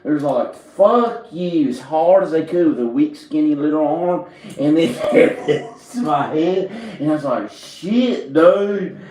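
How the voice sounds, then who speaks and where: A man's voice: on the high side, measured pace, echoey room, noisy background. A man from Virginia telling a rambling, profane comedic monologue and laughing at his own jokes. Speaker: comedic storyteller. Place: indoor room with drum set and speakers.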